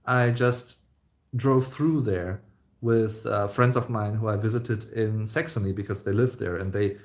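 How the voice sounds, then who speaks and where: A man's voice: lowish voice, fairly even intonation, measured pace. Chatty German man reading live chat. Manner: rambling, chatty, many fillers and restarts. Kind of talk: casual live-stream chat.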